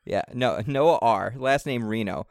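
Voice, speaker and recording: A man's voice: medium pitch, a little slow, gravelly, dry recording, studio quality. A man hosting a comedy podcast in casual chat, hesitant and full of fillers. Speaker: podcast host.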